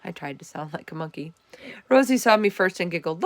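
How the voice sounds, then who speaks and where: A woman reads a children's chapter book aloud with expressive, animated storytelling, letting her pitch swing up and down. Her voice sits on the lower side with a gravelly texture. The recording is close and dry. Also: brisk, no echo. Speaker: storybook reader.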